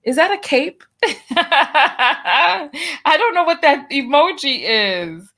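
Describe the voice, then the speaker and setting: This is a woman with a somewhat high voice hosting a casual talk show, chatting on her own about the news of the day. She talks wryly and throws rhetorical questions at her viewers, then reads out and thanks them for their donations. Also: lively intonation, slow pace, a bit bright. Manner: talkative, wry, rhetorical questions. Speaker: show host. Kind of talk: casual commentary and reading donations.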